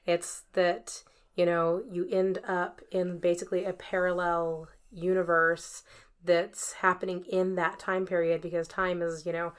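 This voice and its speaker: A woman co-hosts a radio show, chatting casually and chiming in to finish her partner's thoughts. Her voice is low and stays flat, with little rise or fall. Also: measured pace, clean tone. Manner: agreeable, interjects, finishes co-host's sentences. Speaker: podcast co-host. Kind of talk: casual chat.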